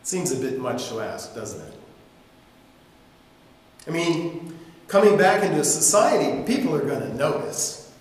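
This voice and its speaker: Animated pastor in an echoing church. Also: male voice, a little high, a little slow, pauses often. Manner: animated storytelling, acting out voices. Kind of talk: sermon. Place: church sanctuary. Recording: echoey hall reverb.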